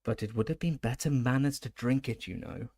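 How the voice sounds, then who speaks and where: A man reading a calm, courteous old wizard. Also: mid-range voice, no room sound, natural voice. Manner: calm, measured, politely formal.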